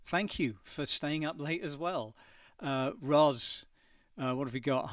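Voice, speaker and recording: A man's voice: mid-range voice, fairly even intonation, a little slow, a bit bright, dry recording, far from the mic. Chatty man a little off-mic in a dry studio. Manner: chatty, hesitant, many ums. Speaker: singer hosting a live stream. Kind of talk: casual livestream chat reading viewer messages. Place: his home studio.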